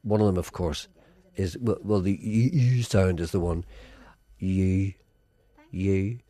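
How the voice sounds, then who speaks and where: A man's voice: lowish voice, normal speed, warm tone, husky. A man hosting a radio show, teasing and playful in comic banter. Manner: teasing, playful, laughs often. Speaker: radio host.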